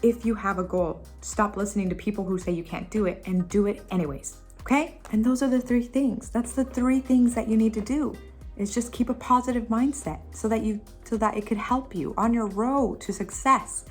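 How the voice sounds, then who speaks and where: A woman's voice: a little high, steady tone, moderate pace, soft background music. A woman vlogger giving casual motivational advice, emphatic and repetitive, laughing at herself now and then. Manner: playful, laughs at her own impressions. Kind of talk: casual motivational talk to camera.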